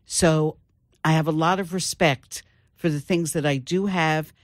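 An older woman, an author, telling her family story in an interview with thoughtful pauses. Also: low-pitched, steady tone, no echo, clean studio sound. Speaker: author guest. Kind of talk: interview conversation.

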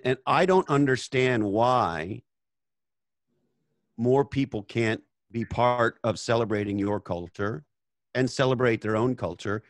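A man's voice: medium pitch, no room sound. A Canadian man hosting a casual conversation, talking bluntly and swearing freely as he tells stories. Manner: blunt, profane, storytelling. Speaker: host.

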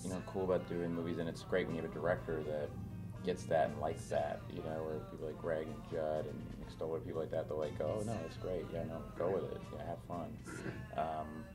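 A man's voice: rumbling low, flat delivery, fairly quick, over music. A man being interviewed as an actor, chatting casually and rambling through stories full of fillers. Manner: rambling, filler-heavy storytelling. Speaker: actor guest.

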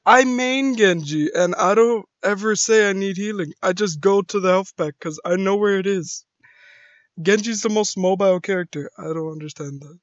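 A man's voice: sits high, normal speed, dry recording. A man hosting his own gaming channel, chatting casually and poking fun at himself. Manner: chuckling, self-mocking. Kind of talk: casual vlog commentary. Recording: dull lo-fi mic.

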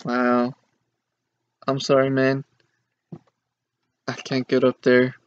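A man's mid-range voice has a clean tone but stays monotone, slow, and full of long pauses as he commentates his own play. In this let's play, he complains dramatically and in exasperation about a hard level, over faint game music on a dull lo-fi mic.

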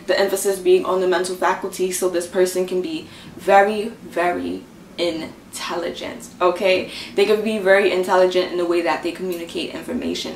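A woman explains astrology in a relaxed teaching manner and keeps checking in with "okay?" and "all right?" Her voice sounds roomy and a little off-mic, with a faint hiss underneath. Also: medium pitch. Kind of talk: casual explanatory lesson. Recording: roomy, slightly distant mic with faint background noise.

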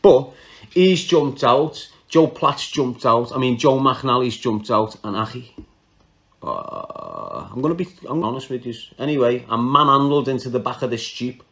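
A Liverpool man with a mid-range, slightly bright voice recounts a crime tale on a podcast. His Scouse speech is relaxed and full of slang, broken up by frequent laughter and unfinished sentences.

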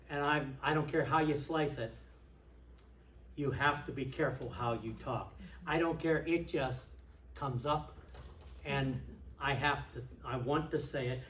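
A man preaching a sermon as pastor, animated, swinging between loud outbursts and quiet asides. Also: medium pitch, slight background noise. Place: church sanctuary. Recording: echoey church hall from a distance.

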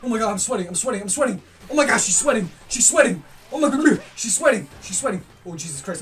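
A gaming YouTuber giving loud, excitable commentary, yelling and swearing at opponents while playing. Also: medium pitch, a little fast, far from the mic, faint music behind.

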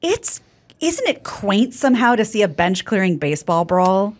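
A woman co-hosting a podcast, chatty and quick with interjections. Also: medium pitch, sing-song. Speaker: co-host. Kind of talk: casual studio chat.

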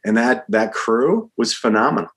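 A man, a screenwriter being interviewed, talking in an energetic, rambling way and calling the host dude and man. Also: medium pitch, normal speed, husky. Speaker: screenwriter guest. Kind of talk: casual interview chat.

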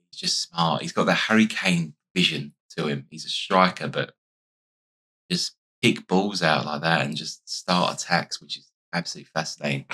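A man with a hoarse, fading voice giving casual let's-play commentary, chatting and thinking aloud as he plays. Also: a bass voice, sharp tone. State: losing his voice. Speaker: gaming YouTuber.

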